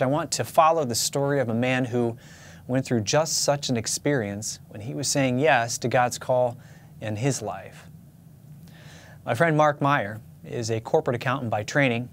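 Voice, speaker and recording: A man pastor giving a sermon, speaking in a measured, earnest way and reading scripture aloud. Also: medium pitch, a little hiss or hum.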